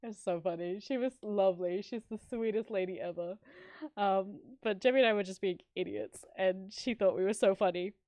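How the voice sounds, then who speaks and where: A woman's voice: fairly quick, no room sound, muffled recording. A young woman telling a travel story in casual stream chat, swearing often and acting out what people said. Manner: animated, swears a lot, acts out quotes in higher voices.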